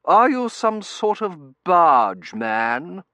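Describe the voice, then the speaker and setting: A man's voice: sits high, very animated, drawn-out words, sharp tone, no room sound, voice pushed up, heavily acted. A man voicing a haughty, frosty Victorian matron who speaks with icy disdain. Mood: indignant.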